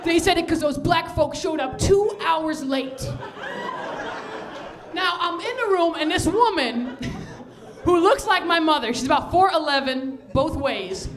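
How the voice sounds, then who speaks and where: A woman comedian telling a stand-up story, with laughing asides and shouted punchlines. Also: very high-pitched, lively intonation, measured pace, a crowd in the background.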